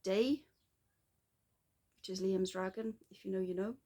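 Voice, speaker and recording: A woman chatting casually in a craft vlog, rambling and self-deprecating with quick asides. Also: mid-range voice, steady tone, dark tone. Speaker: flosstube vlogger. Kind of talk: casual chat.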